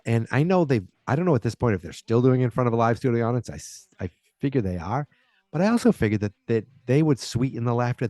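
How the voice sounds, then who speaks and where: A man's voice: medium pitch, dark tone, no echo, clean studio sound. A man hosting a podcast, casually recapping an episode in a rambling way with lots of fillers and restarts. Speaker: podcast host.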